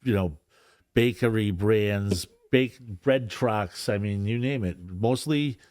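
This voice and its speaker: A man's voice: on the low side, slow, a little mellow, no echo, clean studio sound. A man, a guest on a podcast, chatting casually about union work in a rambling way, swearing freely and restarting his sentences often. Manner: rambling, profane, frequent restarts. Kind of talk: casual chat.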